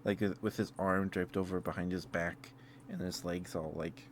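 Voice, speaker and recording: A man's voice: deep voice, fairly even intonation, normal speed, slight background noise. A young man chatting as an ASMR streamer, rambling with frequent laughs and restarts. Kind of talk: soft-spoken ASMR live stream chat.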